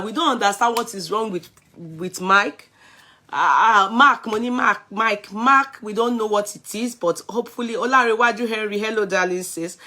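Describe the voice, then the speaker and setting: A woman's voice: mid-range voice, pushed and bright. A middle-aged Nigerian woman hosting a live stream, greeting viewers by name in a chatty way and slipping into Yoruba phrases. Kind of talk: casual live-stream chat.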